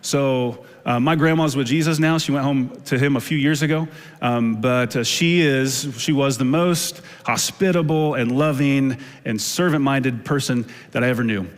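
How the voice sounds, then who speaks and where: A man in his thirties preaching a sermon as a pastor, telling stories in a relaxed, conversational way and acting out quotes playfully. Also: medium pitch, normal speed. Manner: casual storytelling with playful acted quotes. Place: church auditorium. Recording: long reverb of a large hall.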